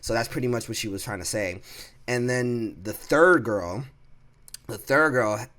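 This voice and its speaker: A young man telling a casual storytime vlog, rambling and animated, acting out what others said. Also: mid-range voice, unhurried. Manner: rambling, animated, acts out coworkers' lines. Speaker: vlogger.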